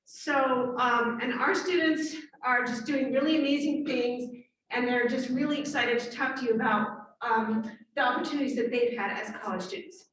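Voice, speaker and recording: Woman opening a college event w/ thanks, high voice, super echoey from across the room. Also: steady tone, moderate pace, fairly bright tone, a little hiss or hum. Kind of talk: welcome remarks. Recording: very echoey hall from far off.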